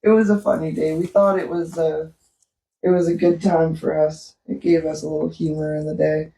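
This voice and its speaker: Woman, casual vlog chat, storytelling, gravelly voice, echoey room. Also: deep voice, flat delivery, moderate pace, dark tone. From Canada. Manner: chatty storytelling, laughs often. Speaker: vlog co-host. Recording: roomy echo, distant from the mic.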